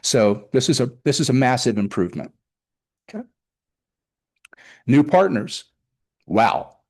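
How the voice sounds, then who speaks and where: Speaking a little slowly in a gravelly, slightly mellow mid-range voice with big pitch swings, a middle-aged car show organizer addresses the town board. His public-meeting report is enthusiastic and rambling, often retelling conversations.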